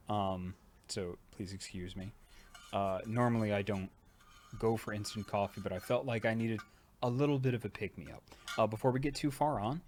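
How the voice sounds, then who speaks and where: A man with a tired jaw chatting casually on a livestream, rambling with lots of fillers. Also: lowish voice. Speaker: streamer and voice actor.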